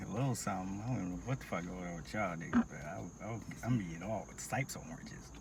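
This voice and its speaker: A man co-hosting a podcast in casual chat, telling stories in animated, profane slang. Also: low-pitched, fast talker, vocal fry. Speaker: podcast co-host. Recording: noisy background.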